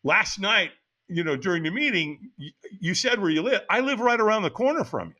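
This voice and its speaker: A man voicing a friendly, easygoing man from his recovery group, relaxed and cheerful. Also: high voice, brisk, lo-fi sound, voice pushed up, full character voice.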